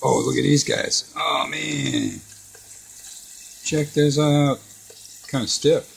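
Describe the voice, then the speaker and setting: A middle-aged man's gravelly, slightly rough, medium-pitched voice comes through slowly as he cooks with his son next to a deep fryer in their home kitchen. He's a chatty, lively storyteller who laughs often during the casual talk.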